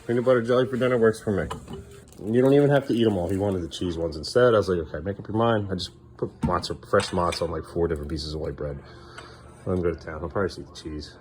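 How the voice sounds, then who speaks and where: A man's voice: low voice, expressive, fast talker, a little mellow, slightly rough. A man filming a casual home vlog, coaxing his kids along and talking to the camera. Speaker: parent vlogger. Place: family home kitchen.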